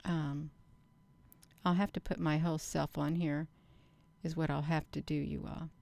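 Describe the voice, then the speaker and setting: A middle-aged woman hosting her own channel, talking slowly and earnestly to her viewers in a rambling casual monologue. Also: deep voice, flat delivery, gravelly, darkish tone. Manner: slow, earnest, addresses viewers as "you all". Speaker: channel host.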